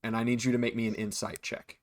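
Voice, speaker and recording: A man narrating as game master of a tabletop game, describing scenes with frequent pauses and restarts. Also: medium pitch, flat delivery.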